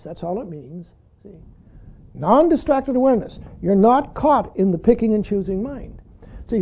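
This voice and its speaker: A man teaching as a Zen teacher, his voice very mellow and dark with a lively, swinging pitch. He talks bluntly and teasingly, chuckling now and then and peppering his points with "see". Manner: repeats "see" often, blunt and teasing, laughs. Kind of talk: dharma talk.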